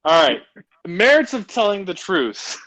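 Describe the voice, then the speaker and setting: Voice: medium pitch, sing-song, a little slow, fairly bright tone. A player in a tabletop game, chatting casually and rambling with many restarts. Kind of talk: casual chat.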